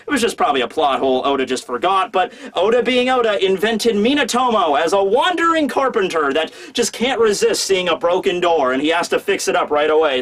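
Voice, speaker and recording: Enthusiastic male reviewer with a high voice, chatty and rambling. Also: big pitch swings, a little fast, few pauses, a bit bright. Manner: enthusiastic, rambling with many fillers. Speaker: manga reviewer. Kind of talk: casual chapter review.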